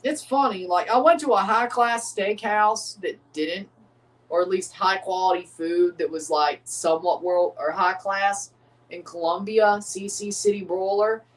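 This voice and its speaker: High-voiced man chatting through a livestream. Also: measured pace, far from the mic. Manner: chatty, repeats phrases, answers chat viewers. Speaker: livestream host reacting to a match. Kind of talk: casual live watchalong commentary.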